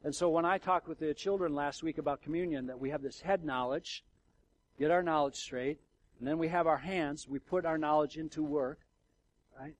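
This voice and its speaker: A middle-aged male pastor preaching a sermon in a conversational way, swinging from hushed, quiet passages to loud, emotional outbursts. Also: on the high side, fairly even intonation, moderate pace, poor audio. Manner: conversational with fillers and restarts.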